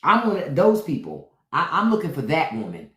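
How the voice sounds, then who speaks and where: A man's voice: on the high side, brisk, roomy sound. A man from Washington, D.C., a podcast host, riffing and swearing freely in casual livestream chat. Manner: animated, profane riffing.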